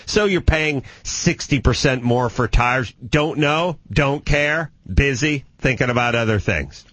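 In a dry recording, a man in his thirties from California's San Fernando Valley tells a funny story in casual conversation at a measured pace. He's animated, leaping into shrill, incredulous shrieks whenever he acts out his disbelief.

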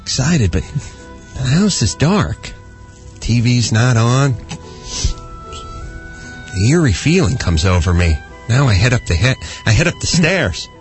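A man's voice: medium pitch, very animated, measured pace, long pauses, faint music behind. Theatrical male radio host. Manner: theatrical storyteller, acting out scenes loudly. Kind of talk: comedy radio talk.

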